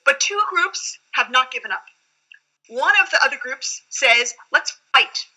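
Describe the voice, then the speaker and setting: A woman's voice: high-pitched, animated, measured pace, pushed and bright, rough recording. A woman rabbi explaining scripture in an earnest, reflective teaching tone during a study conversation.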